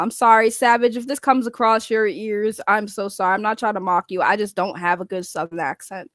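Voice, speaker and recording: A woman's voice: medium pitch, animated, moderate pace, no room sound, studio quality. A young woman host rambling through casual reaction commentary, chatty and swearing freely.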